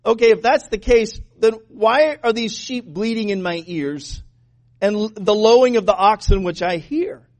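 A man's voice: high voice, normal speed. A preacher voicing a stern old prophet who confronts a king with pointed questions. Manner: pointed, challenging.

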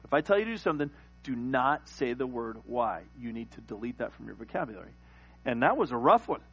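A middle-aged man preaching a sermon, building to loud emphatic peaks. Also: medium pitch, big pitch swings, fast, husky, faint music behind, rough recording. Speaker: pastor.

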